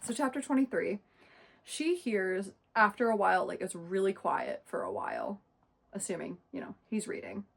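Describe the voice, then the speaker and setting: A woman's voice: medium pitch, big pitch swings, moderate pace, vocal fry, breathy edge. Sarcastic woman recapping a book. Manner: sarcastic, indignant. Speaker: book reviewer.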